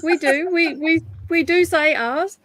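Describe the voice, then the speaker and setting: A woman's voice: very high voice, fairly even intonation, unhurried, fairly bright tone, dry recording. A woman in a casual group chat, joking about herself and laughing. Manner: self-deprecating, laughing.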